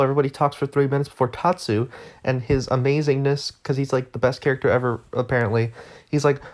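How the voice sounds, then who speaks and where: A woman's voice: extremely low pitch, steady tone, quick pace, darkish tone. A woman giving casual, exasperated game commentary, rambling and sarcastic as she walks through a side quest. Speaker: gaming video creator.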